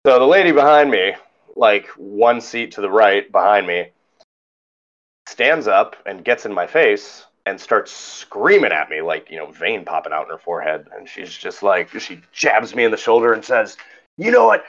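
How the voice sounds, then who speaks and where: A man's voice: on the low side, measured pace. Guy telling a story on a podcast, voice jumps all over, kinda muffled. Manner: animated, mimics others in quoted lines. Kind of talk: casual storytelling chat.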